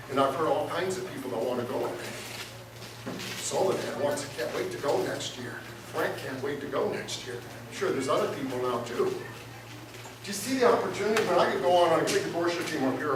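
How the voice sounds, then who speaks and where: Recorded from a distance with a roomy church sound, a pastor with a fairly high-pitched voice delivers a sermon in the sanctuary. He chats and jokes with the congregation while guitar music and other background noise carry on behind him.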